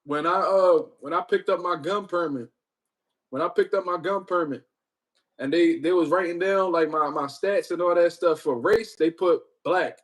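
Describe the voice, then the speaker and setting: A man hosting a livestream, talking casually with heavy profanity and animated storytelling. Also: a little high, moderate pace. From Puerto Rico. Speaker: livestream host.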